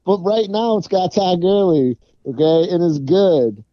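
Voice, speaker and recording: A man's voice: sits high, expressive, unhurried, dry recording, lo-fi sound. A man co-hosting a casual sports podcast, sarcastic and profane, talking in loose run-on sentences. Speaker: podcast co-host.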